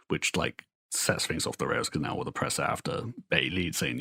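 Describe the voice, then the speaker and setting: A man's voice: deep voice, very animated, gravelly, breathy edge. A man co-hosting a podcast, recapping comic book plots in a rambling, profane, casual way. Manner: rambling, profane storytelling with quick put-on quotes. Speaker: podcast co-host.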